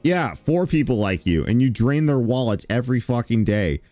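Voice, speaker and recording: A man's voice: mid-range voice, animated, moderate pace, mellow, dry recording, soft background music. A man hosting reaction commentary, talking in a sarcastic, mocking, profane way. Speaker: streamer commentary host. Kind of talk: reaction commentary on stream clips.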